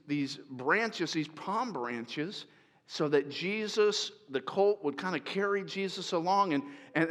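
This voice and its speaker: A man's voice: high-pitched, a bit bright, in a large hall. A man preaching a conversational sermon as a pastor, acting out the voices of the people in the story. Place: large church hall.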